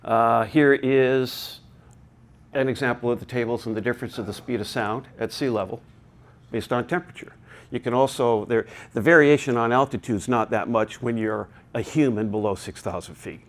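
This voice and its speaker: Before a live audience in a conference hall, a man walks through a technical talk in a chatty, digressive manner with joking asides. His voice is medium in pitch and his pace moderate.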